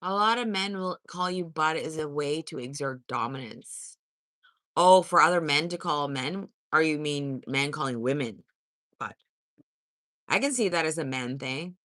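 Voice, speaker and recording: A woman's voice: deep voice, a little slow, a bit bright, dry recording, clean studio sound. A woman in her fifties hosting a casual livestream, reading and answering viewer comments in a blunt, sassy way full of swearing. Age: 50s. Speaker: livestream host.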